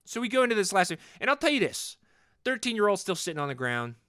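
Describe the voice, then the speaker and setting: In a heavily acted improvised comedy podcast monologue, a man in his forties becomes a worked-up, overcompetitive sports dad, boasting, rambling, and repeating himself. His high voice is pushed, bright, clear, and resonant, with big pitch swings, and he talks fast. The studio sound is clean, with no echo.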